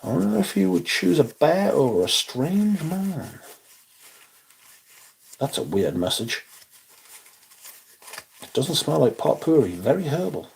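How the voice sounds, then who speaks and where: A man's voice: a little high, very animated, measured pace, vocal fry, pauses often, breathy edge. A man hosting a livestream, chatting casually, reading out comments and swearing in exasperated asides. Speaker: livestream host.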